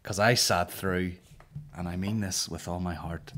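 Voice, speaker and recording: A Northern Irish man hosting a comedy podcast, swearing freely and animated in casual banter. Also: low-pitched, unhurried, slight background noise. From Northern Ireland. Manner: sweary, animated, mimics voices mid-story. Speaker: podcast host.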